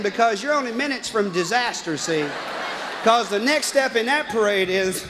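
A man doing live stand-up comedy, animated and bursting into shouts, on a 1980s live album with audience laughter. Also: very high voice, normal speed, long reverb tail, noisy background. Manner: animated, breaks into shouting and character voices. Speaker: Christian comedian.

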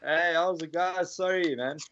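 A man from South Africa with a South African accent, a guest talking in a relaxed, laid-back way. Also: a little high, measured pace. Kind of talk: casual interview. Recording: dry, muffled call audio.

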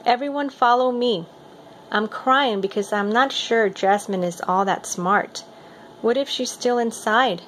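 A woman's voice: mid-range voice, a little hiss or hum. Woman reading a picture book aloud. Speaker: reader.

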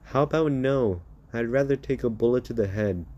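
A man's voice: medium pitch, normal speed, warm tone, lo-fi sound, lightly acted. A man voicing a bitter, rude teenage boy hero, sarcastic and swearing, in an improvised spoken fan story. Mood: snide. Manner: sulky, profane, sarcastic.

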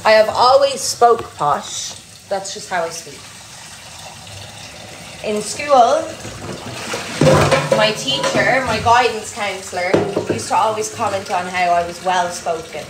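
Speaking slowly with frequent pauses, a young woman from Ireland talks to her TikTok followers in a medium-pitched voice, her accent a mix of Louth and Dublin. She rambles casually, with plenty of "like". Echoey room, clear background noise.

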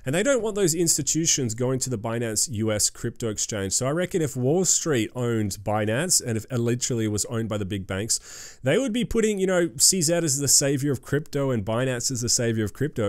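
A man rattles through crypto headlines in an emphatic, hype-driven host manner, calling out to his viewers as he goes. His voice sits at an everyday middle pitch. The recording is dry and close, with no room sound. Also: dry recording. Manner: emphatic, hype-driven, lots of fillers and "guys". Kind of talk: fast-paced crypto news commentary.

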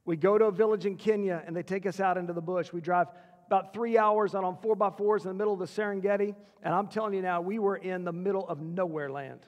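A middle-aged man giving an emotional sermon testimony as a school chapel speaker, his voice falling to a hush at the hardest parts. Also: sits high, steady tone, fast. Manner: emotional storytelling, dropping to a hushed voice. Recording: long hall reverb.

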